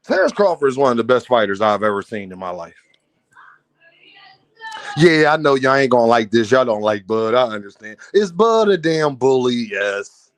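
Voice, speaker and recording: A man hosting a casual livestream, reading out donations and talking straight to his chat, animated and laughing often. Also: mid-range voice, normal speed, no room sound. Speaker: livestream host.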